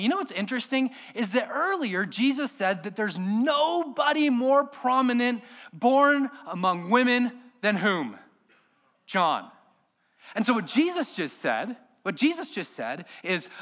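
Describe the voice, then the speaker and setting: A man's voice: extremely high pitch, big pitch swings, unhurried, sharp tone. A man preaching a sermon as pastor, emphatic and full of rhetorical questions to the congregation.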